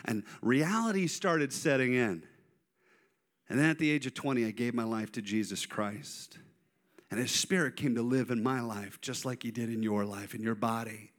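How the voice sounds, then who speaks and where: A male pastor preaching a sermon, telling animated personal stories and speaking directly to his congregation. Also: medium pitch, moderate pace. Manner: animated, storytelling, addresses congregation.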